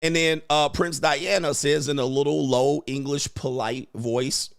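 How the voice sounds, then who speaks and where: A man's voice: fairly high pitch, fairly even intonation, a little slow, vocal fry, clean tone, dry recording, clean studio sound. A man hosting a live stream as a dating coach, rambling crudely, reading viewer questions and putting on mock voices.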